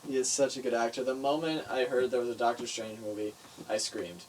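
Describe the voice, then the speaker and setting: A young man co-hosting a podcast, telling stories in a jokey, animated way. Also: medium pitch, a little fast, a little hiss or hum, poor audio. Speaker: podcast co-host. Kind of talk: casual podcast chat.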